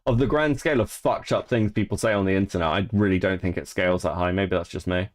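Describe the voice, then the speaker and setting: A man in his thirties with a slightly low voice gives loose, foul-mouthed commentary on internet drama from a home streaming setup. He is blunt and laughs easily, and he reads people's messages aloud in a mocking tone. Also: steady tone, quick pace. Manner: profane, blunt, laughs often. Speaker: streamer and co-host. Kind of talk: casual commentary on online drama.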